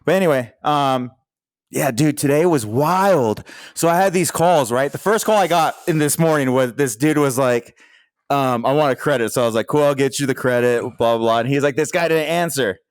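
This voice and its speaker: A podcast co-host with a medium-pitched voice tells stories at a normal pace on a crude, casual show, animatedly acting out the lines of angry callers and laughing often. The sound is clean studio audio with no room echo.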